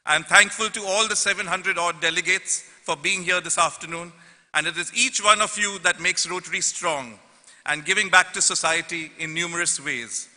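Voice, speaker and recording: A man giving a formal prepared welcome speech at a conference, measured and addressing the audience. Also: high-pitched, bright, forceful tone. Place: large convention hall. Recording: long reverb from a large hall.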